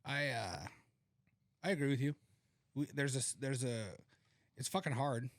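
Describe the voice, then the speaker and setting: In a dry, clean studio recording, a man co-hosts a podcast with a mid-range voice, a steady tone and a normal speed. He chats casually, telling stories packed with swearing and laughter.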